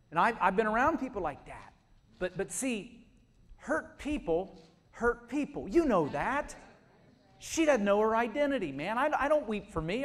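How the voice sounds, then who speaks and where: High-voiced man preaching a sermon. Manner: storytelling, building to shouted exhortation. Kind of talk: sermon with storytelling.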